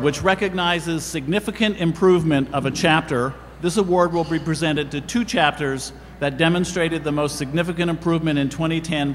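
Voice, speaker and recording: A man presenting awards at a dinner, reading the citations in an earnest, formal manner. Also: fairly high pitch. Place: large banquet hall. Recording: reverberant hall with background noise.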